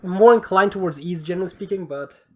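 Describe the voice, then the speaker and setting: A podcast co-host in loose, casual chat, muttering through guesses and thinking out loud. The voice sits at an ordinary middle pitch, and the talk is full of fillers and offhand swearing. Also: fast.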